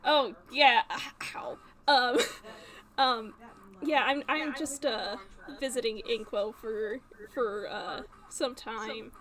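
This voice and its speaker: A woman's voice: fairly high pitch, steady tone, takes it slowly, bright, forceful tone. A woman playing a tabletop game, hesitant and giggly, with lots of fillers. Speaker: player.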